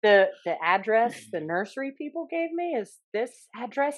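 A woman's voice: a little high, very animated, normal speed. A woman hosting a podcast, rambling through casual stories and swearing freely. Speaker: podcast host. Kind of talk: casual chat.

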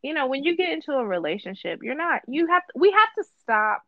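A woman's voice: high voice, very animated, fairly quick, dry recording, dull audio. A woman co-hosting a casual podcast chat, talking emphatically and repeating phrases for stress. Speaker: guest co-host.

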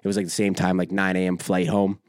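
A young man hosting a podcast, telling a rambling, profane, animated story in casual chat. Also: low-pitched, fast talker, no echo, clean studio sound. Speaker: podcast host.

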